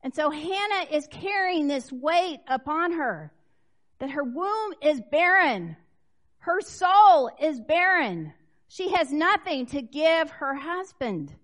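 A woman preaches a sermon with a high voice. Her pitch rises and falls a great deal. She tells the story expressively, shifting from loud emphasis to hushed asides.

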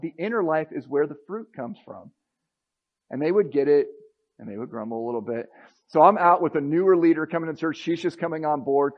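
A male pastor preaching to his congregation, his voice a touch higher than most men's. He swings from fired-up, emphatic passages to soft, quiet stretches. The recording sounds dull and lo-fi. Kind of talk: sermon.

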